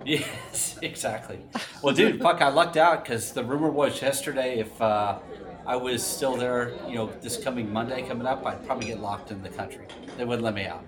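A man co-hosting a podcast, joking loudly and swearing freely in casual chat. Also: medium pitch, moderate pace. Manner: loud, joking and profane. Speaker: podcast co-host.

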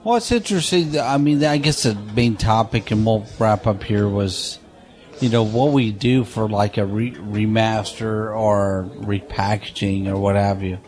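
A man's voice: on the low side, a little slow, a little mellow. A man co-hosting a casual music chat, laid-back and blunt as he shares band history.

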